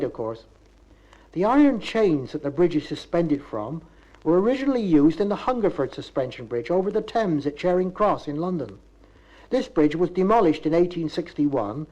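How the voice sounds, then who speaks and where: A man's voice: a little high, mellow, lo-fi sound. A man with a Bristol accent giving a chatty, wry, folksy humorous monologue. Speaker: narrator. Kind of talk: humorous spoken-word monologue.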